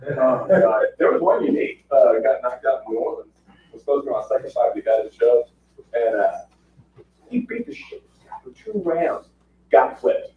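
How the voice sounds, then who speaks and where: A man's voice: medium pitch, a little fast, slight background noise. A man telling fight stories in casual chat, acting out quotes and laughing often. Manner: animated storyteller, acts out quotes, laughs often. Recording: roomy, distant, muffled podcast audio.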